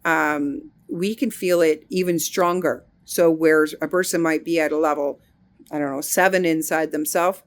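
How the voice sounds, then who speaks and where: A middle-aged woman giving an earnest, unhurried spiritual monologue, often pausing to search for words. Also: deep voice, fairly even intonation. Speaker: spiritual healing teacher.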